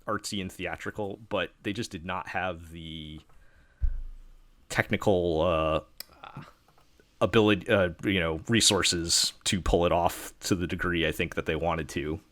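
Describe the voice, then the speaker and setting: Male podcast host from New York, very low voice, dry sound, loose rambling delivery. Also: fairly even intonation, unhurried, a bit bright, dry recording. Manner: rambling, many fillers and restarts. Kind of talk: casual chat.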